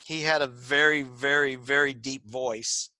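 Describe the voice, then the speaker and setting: A man from Michigan with a Northern US accent and a slightly raspy voice, co-hosting a casual chat and rambling with many fillers. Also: mid-range voice, fairly even intonation, unhurried, pushed and bright, dry recording. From Michigan, USA. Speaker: podcast co-host.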